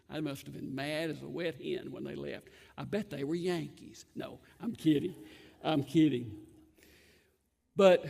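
Male Southern US pastor, high voice, folksy humor, long church reverb. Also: gravelly, a little mellow. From Southern United States. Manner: folksy, joking asides. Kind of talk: sermon.

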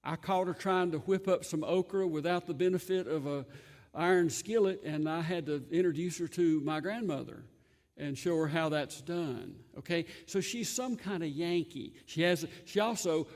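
A man's voice: on the high side, moderate pace, darkish tone. A man with a Southern US accent preaching a sermon as pastor, folksy, with joking asides. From Southern United States. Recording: long hall reverb.

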